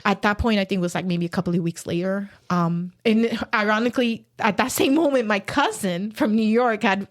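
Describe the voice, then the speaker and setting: A woman of medium pitch guests on a podcast and relates a story from her own life. She comes across as earnest, pausing haltingly and starting over repeatedly.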